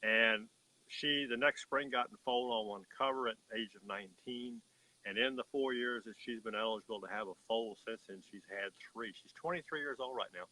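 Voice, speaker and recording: A man's voice: mid-range voice, normal speed, bright, forceful tone, slight background noise, poor audio. A man, a horse breeder, telling a story in an emphatic, folksy way during an interview.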